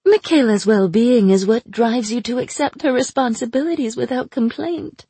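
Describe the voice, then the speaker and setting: A woman voicing a cruel, sly chained sorceress who mocks her captor in a slow, drawn-out way. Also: fairly high pitch, dark tone, breathy edge, dry recording, pitched above the performer's own voice. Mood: taunting. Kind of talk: audiobook character voice.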